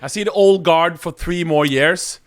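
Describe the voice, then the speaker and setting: A man's voice: a little high, moderate pace, no echo. A man from Norway co-hosting a podcast in a studio, making short, blunt remarks in casual chat. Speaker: podcast co-host.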